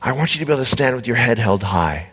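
A man preaching a conversational sermon, animated, blunt and joking with his congregation. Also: medium pitch, quick pace, husky. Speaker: pastor. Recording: echoey hall reverb.

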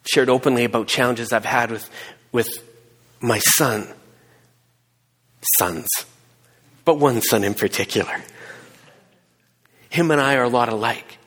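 Husky-voiced male pastor in a reverberant hall. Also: mid-range voice, a little slow, pauses often. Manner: personal storytelling, emphatic, swings between hushed and raised. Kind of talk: sermon.

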